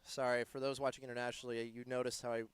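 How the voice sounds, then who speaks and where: A man from the United States giving live play-by-play commentary in a playful, joking, excitable manner. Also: mid-range voice, very fast, smooth, no room sound. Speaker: sports commentator.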